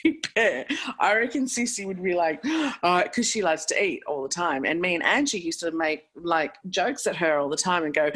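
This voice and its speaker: Husky australian woman telling stories. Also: lowish voice, moderate pace. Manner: lively storyteller, swears freely, laughs often. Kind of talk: casual chat.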